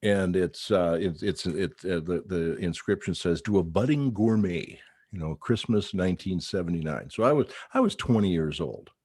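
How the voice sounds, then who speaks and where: A man's voice: sits low, moderate pace, a little mellow, husky, dry recording. A man in his sixties hosting a casual radio chat, rambling with many fillers and restarts. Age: 60s. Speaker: radio show host.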